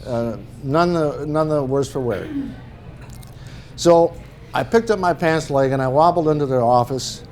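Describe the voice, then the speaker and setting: A man's voice: on the high side, a little slow, a little mellow, a little hiss or hum. A middle-aged man from northern Minnesota giving a talk as an author, telling humorous anecdotes in a folksy way. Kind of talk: storytelling presentation.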